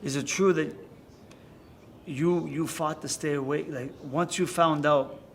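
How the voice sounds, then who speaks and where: A man's voice: on the high side, steady tone, unhurried, gravelly, a little hiss or hum. A middle-aged man hosting a podcast interview, asking leading questions and voicing admiration for his guest. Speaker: podcast host.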